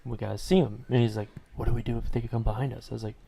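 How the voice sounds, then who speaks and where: A man chatting on a casual podcast, easygoing and freely swearing as he recounts a night out hunting. His voice is a plain middle pitch, with faint noise under the kitchen recording. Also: rapid-fire, vocal fry. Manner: relaxed storyteller, swears freely. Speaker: podcast co-host. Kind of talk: casual chat. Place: home kitchen.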